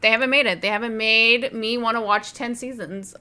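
A woman with a bright, crisp voice chats casually. Her tone is wry and self-deprecating. She speaks a little higher than most women. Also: fairly even intonation, brisk. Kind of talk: casual chat.

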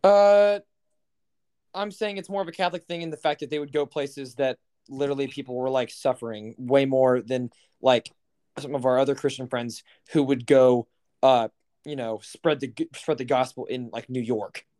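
Young male podcast co-host, mid-pitched, rambling and profane, chatty. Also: fairly even intonation, moderate pace, dark tone, clean tone. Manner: rambling, heavy on fillers and profanity. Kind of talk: casual chat.

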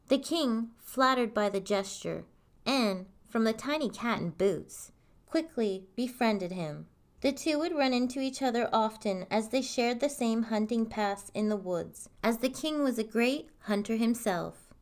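A woman reading a fairy tale aloud in a calm, even storytelling manner. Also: a little high, a little slow.

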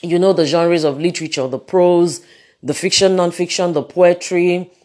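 A woman giving a lively lecture, often repeating words and using fillers. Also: lowish voice, normal speed. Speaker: teacher. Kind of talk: lecture on public speaking.

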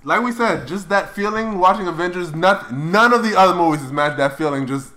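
A man co-hosting a casual chat, ranking movies, laughing loudly and quick to argue. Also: high-pitched. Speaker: podcast co-host.

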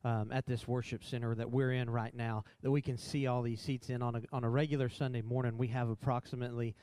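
Smooth-voiced upbeat man in church talk. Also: medium pitch, level tone, quick pace, darkish tone, no room sound. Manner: affirming, upbeat, preacherly. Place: church worship center.

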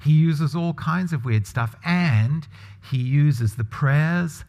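Man, pastor, conversational sermon, asks the congregation questions, slightly high voice, long church reverb. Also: slow, a little mellow.

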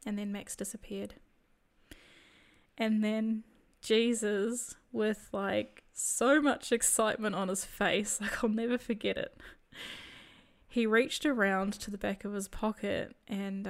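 A woman telling a personal faith testimony in a soft, reflective storytelling manner. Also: medium pitch, little pitch movement, slow pace, clean tone. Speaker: storyteller sharing a spiritual experience.

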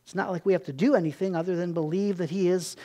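A man preaching a sermon in a relaxed, conversational way, slipping into quick acted-out asides. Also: high-pitched. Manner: conversational, acts out voices in quotes, animated asides. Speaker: pastor.

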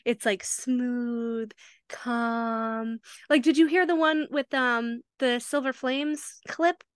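Animated, swearing young woman podcaster. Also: fairly high pitch, slow, clean tone, no echo, studio quality. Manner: animated, swears freely, mimics lines in quoted voices. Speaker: podcast co-host. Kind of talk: casual chat.

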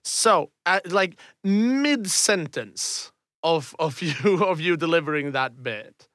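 A man's voice: on the high side, animated, slow, fairly bright tone, no echo, studio quality. A man narrating a tabletop role-playing game as game master, rambling and restarting often as he describes scenes. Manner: rambling, full of fillers and restarts.

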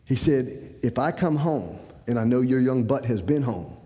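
With a medium-pitched voice at normal speed, a man shares a personal story before an audience, playing out each line of dialogue with animated energy. The recording has a long hall reverb.

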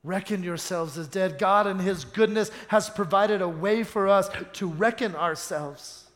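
A man preaching a sermon, reading scripture aloud and commenting on it, swinging from loud fervent passages to soft, low intimate ones. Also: a little slow, hardly any pauses.

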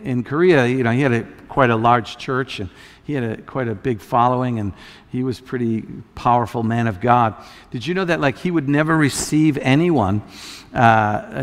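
A man preaching a sermon as a pastor, conversational with many restarts, building to loud emphatic peaks. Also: medium pitch, long reverb tail.

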